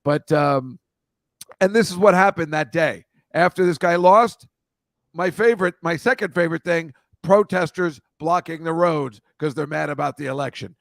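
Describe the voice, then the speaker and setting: A man's voice: a little high, moderate pace, creaky, dry recording, clean studio sound. A man hosting a casual chat, rambling and swearing as he riffs through photos. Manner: rambling, profane, riffing on photos. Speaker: host.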